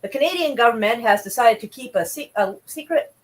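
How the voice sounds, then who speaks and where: A woman's voice: a little high, expressive, a little fast, poor audio. Blunt, profane woman streamer. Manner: profane, blunt, chatty, greets viewers. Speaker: streamer reading news. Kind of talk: casual live-stream commentary.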